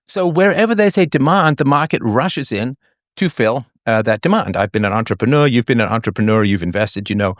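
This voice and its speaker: A man hosting a debate, explaining his views in a lively, argumentative way. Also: medium pitch, brisk, no echo, studio quality. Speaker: debate host.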